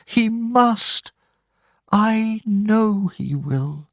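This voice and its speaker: A man's voice: high-pitched, expressive, very slow, vocal fry, fairly bright tone, no room sound, studio quality, voice pushed up, heavily acted. A man voicing a desperate mother who pleads and screams for help for her children in a storybook reading. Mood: insistent. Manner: pleading, screaming, sobbing prayer. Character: desperate woman, a frantic mother.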